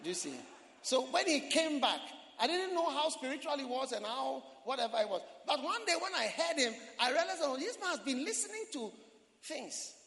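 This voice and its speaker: A man preaching a sermon as pastor, quoting scripture and breaking into dramatic shouts. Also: very high voice, big pitch swings, normal speed, gravelly. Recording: long hall reverb.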